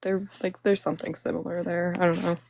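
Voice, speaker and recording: A woman's voice: lowish voice, level tone, a little fast, creaky, a little mellow, dull audio. A young woman hosting a phone livestream, chatting and ranting casually, full of fillers and laughing between phrases. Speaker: livestream host. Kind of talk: casual live-stream chat and rant.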